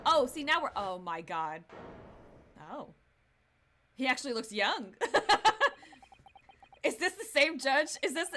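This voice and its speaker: Young woman, game streamer, high lively voice, bright tone, excitable, music behind. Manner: excitable, laughing, swearing. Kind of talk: gameplay commentary with voiced reading.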